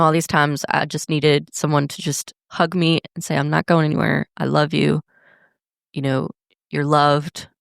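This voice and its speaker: Low, gravelly-voiced woman podcaster. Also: no room sound, clean studio sound. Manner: candid, blunt, swears freely. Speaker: podcast host. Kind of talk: casual podcast monologue.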